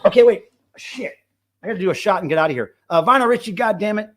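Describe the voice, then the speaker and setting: A man's voice: high-pitched, animated, fast talker, over music. A middle-aged man hosting a casual live stream, reading the chat aloud and talking loosely with plenty of swearing. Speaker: livestream host.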